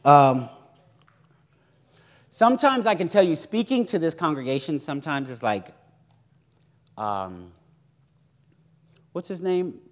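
A young man preaching a sermon in a lively, joking way, acting out the voices of others. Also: on the high side, takes it slowly, pauses often.

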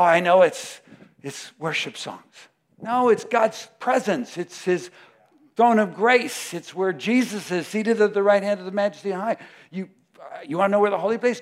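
A man preaching a sermon, emphatic, moving between loud declarations and hushed prayer. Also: high-pitched.

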